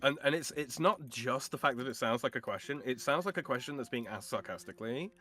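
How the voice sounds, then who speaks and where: A man chatting casually on a stream, opinionated, with halting starts and chuckles. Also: mid-range voice, animated, pushed and bright, soft background music. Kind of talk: casual chat.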